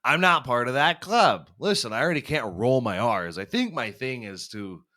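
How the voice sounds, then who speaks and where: A man's voice: mid-range voice, expressive, moderate pace, sharp tone. A young man hosting a podcast, rambling and swearing freely, often laughing at himself. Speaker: podcast host. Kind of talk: casual chat.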